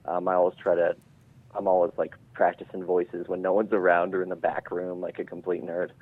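A man's voice: sits low, flat delivery, a little fast, breathy edge, dry recording. A man, a game master guest, chatting casually and hesitantly on a podcast. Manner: hesitant, many fillers and restarts. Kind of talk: casual chat. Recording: tinny phone-like line.

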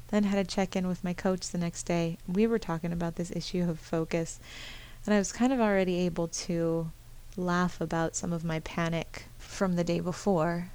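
A woman's voice: lowish voice, creaky. A woman hosting a personal podcast monologue, candid and self-deprecating, often laughing at herself. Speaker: podcast host.

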